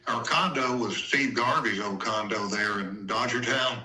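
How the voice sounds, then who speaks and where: A man's voice: on the low side, measured pace, pushed and bright. An older man, a retired football player, telling folksy stories in an interview and retelling old talks as quoted dialogue. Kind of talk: anecdotal storytelling in conversation. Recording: roomy echo, distant from mic.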